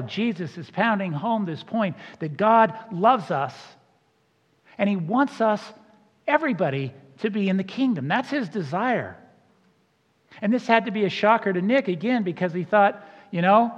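A man's voice: high voice, lively intonation, moderate pace. A man preaching a sermon as a pastor, conversational and emphatic, with casual asides to the congregation. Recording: dull sound with long hall reverb.

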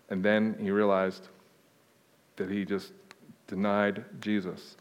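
A man's voice: fairly low pitch, flat delivery, takes it slowly, clean tone. A man preaching a conversational sermon as a pastor, answering questions in an informal, plain-spoken way with joking asides. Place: church sanctuary. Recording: long reverb of a large hall.

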